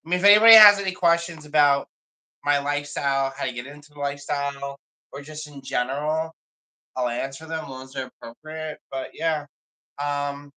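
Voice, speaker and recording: A man's voice: a little high, steady tone, fairly quick, sharp tone, poor audio. A man chatting casually on a livestream, rambling and confiding in an emotional way.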